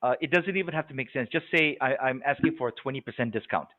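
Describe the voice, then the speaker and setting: A man leading a live sales training webinar, animated and coaching, often checking that his audience follows. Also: medium pitch, very fast. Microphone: video call. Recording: tinny phone-like webinar audio.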